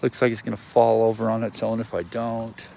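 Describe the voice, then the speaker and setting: A man with a fairly low, monotone voice and vocal fry speaks a little fast in a casual video message, filmed on a handheld phone outdoors in a yard with heavy background noise. The vlogger meanders between thoughts, interrupting himself with lots of ums and restarts.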